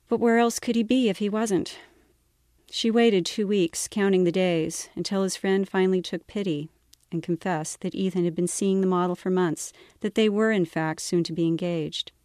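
A woman author reads her novel aloud in a measured, wry manner. Her voice sits at a middling pitch. The sound is dry and close. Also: darkish tone, no echo.

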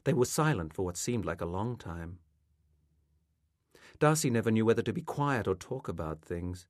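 Male author reading his own fiction: low voice, lively pitch, dry close-miked sound. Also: normal speed, dry recording. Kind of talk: reading a literary novel aloud.

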